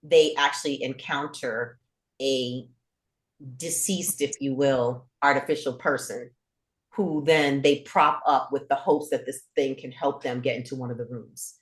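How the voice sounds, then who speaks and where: A woman with a low voice talks casually as a podcast co-host. She explains things at length and corrects herself as she goes. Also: fairly even intonation, a little slow, roomy sound. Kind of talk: casual film discussion.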